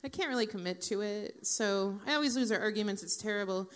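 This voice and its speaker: A woman's voice: mid-range voice, fast, fairly bright tone. A woman in her forties doing a stand-up comedy set, with dry, profane, self-mocking asides to the audience.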